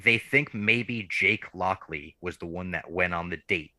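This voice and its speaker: A man's voice: low voice, a little slow, bright, forceful tone. A man hosting a podcast, recapping a TV episode in a laid-back, casual way. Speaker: podcast host.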